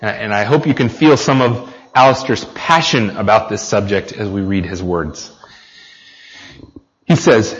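A man's voice: on the low side, measured pace, fairly bright tone, big-room sound. An American man preaching a sermon in an earnest way, talking straight to the congregation and asking them questions. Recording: slightly dull lo-fi recording.

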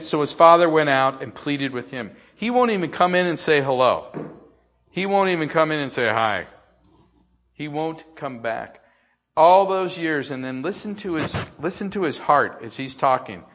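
An older man preaching a sermon, dropping to slow hushed phrases and then rising loud and excited. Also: medium pitch. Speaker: pastor. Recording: slightly dull, lo-fi.

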